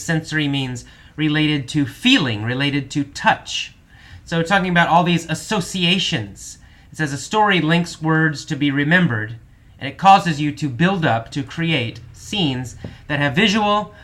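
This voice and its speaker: A male English teacher with a bright, forward voice walks through vocabulary one word at a time. He explains each meaning patiently, repeats definitions, and often pauses with small fillers. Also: on the high side. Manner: slow, patient explanations with frequent repetition and fillers.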